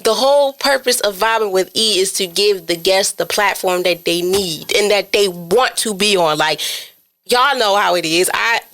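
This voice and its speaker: A woman in her twenties hosting a podcast in casual chat, talking in an animated, chatty way and acting out her own inner voice. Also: mid-range voice, moderate pace. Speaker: podcast host.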